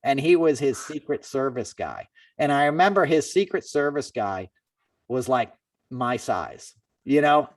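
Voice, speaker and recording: A man hosting a podcast, telling a story in a casual, animated way and raising his voice when he quotes people. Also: medium pitch, unhurried, no room sound, far from the mic. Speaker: podcast host.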